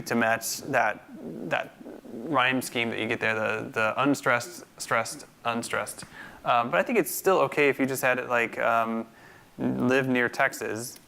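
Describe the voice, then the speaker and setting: A man's voice: mid-range voice, gravelly, pushed and bright. A man teaching a live-coding screencast, thinking aloud with many fillers and restarts. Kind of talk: casual screencast coding tutorial.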